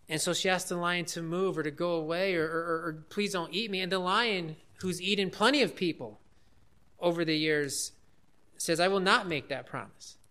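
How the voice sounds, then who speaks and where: A pastor preaching with an earnest, emphatic delivery, stretching out the words he wants to land. His voice is high for a man and bright and forceful. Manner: emphatic, earnest, with slowed stresses. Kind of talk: sermon.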